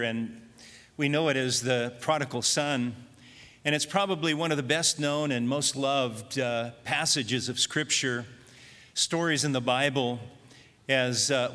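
A man's voice: mid-range voice, pushed and bright. A man preaching a sermon in a church hall, earnest and reflective as he tells a story. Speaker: pastor. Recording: long reverb of a large hall.

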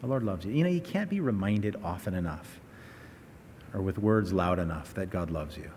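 A man's voice: low-pitched, very animated, brisk, darkish tone, long reverb tail, slight background noise. A man preaching a sermon as pastor, telling stories with earnest, rising emphasis. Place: church sanctuary.

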